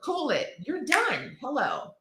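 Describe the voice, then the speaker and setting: A woman speaks as a guest expert on a live show, bright and forceful in tone. She talks in a chatty, emphatic way, full of fillers and asides. The sound carries a noticeable room echo. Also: medium pitch, lively intonation, a little fast, a little hiss or hum. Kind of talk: casual TV segment demo.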